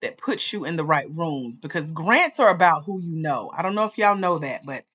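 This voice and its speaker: A woman hosting a livestream as a grants coach, talking straight to her viewers in an excited, chatty way. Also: low-pitched, moderate pace, husky, highs cut off. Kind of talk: casual livestream chat.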